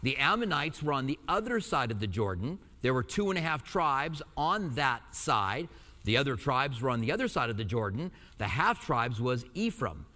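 A pastor from Albuquerque teaching verse by verse, reading scripture slowly and then explaining it in a conversational way with light jokes. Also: male voice, medium pitch, sing-song, bright, forceful tone. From Albuquerque, New Mexico. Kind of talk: verse-by-verse sermon. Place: church in Tucson. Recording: hall reverb.

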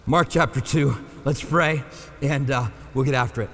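A man's voice: medium pitch, normal speed, fairly bright tone. A man preaching a sermon as pastor, conversational and loose, with fillers and self-corrections. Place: church sanctuary. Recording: long hall reverb.

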